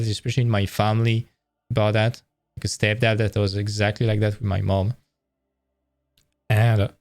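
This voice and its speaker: A man's voice: mid-range voice, darkish tone, no echo, clean studio sound. A man giving a casual livestream presentation of career advice, blunt and candid, swearing freely and acting out quoted lines in a raised voice.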